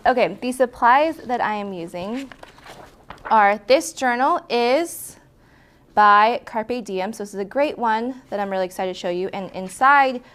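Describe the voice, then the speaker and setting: A woman's voice: mid-range voice, a little hiss or hum. Female art instructor, casual and encouraging, talks through each step as she demonstrates. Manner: chatty, encouraging, self-correcting as she demonstrates. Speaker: lettering instructor. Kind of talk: casual hands-on tutorial.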